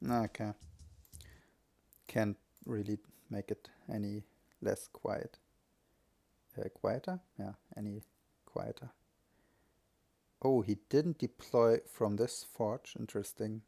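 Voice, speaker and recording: A man's voice: on the low side, steady tone, takes it slowly, gravelly, pauses often, mellow. A man giving live solo commentary on a strategy game, thinking aloud and often correcting himself.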